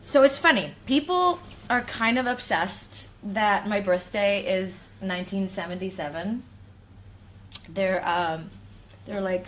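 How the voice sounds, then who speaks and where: A woman in her forties, a native Icelandic speaker talking in English, chatting bubbly and fast on a livestream. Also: medium pitch, fairly bright tone, a little hiss or hum. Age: 40s. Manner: bubbly, chatty, breaks into song. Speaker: guest singer on livestream. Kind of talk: casual livestream chat.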